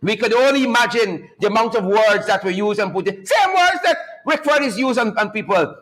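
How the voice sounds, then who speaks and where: A man hosting a live-streamed talk show, animated and mocking, with a preacher-like cadence. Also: sits high, a little fast, low-quality recording.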